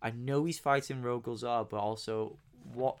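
A man co-hosting a podcast in casual conversation. He speaks at a mid pitch and gives his opinions hesitantly, often restarting his sentences before he lands on the point. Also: steady tone, normal speed, clear, resonant tone. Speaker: comic book podcast co-host. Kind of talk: casual review chat.

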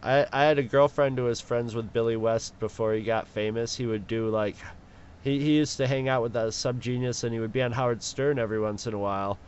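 A man co-hosting a podcast from home, telling stories in a relaxed, chuckling way. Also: medium pitch, brisk, lo-fi sound, slight background noise. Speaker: podcast co-host. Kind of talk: casual podcast chat.

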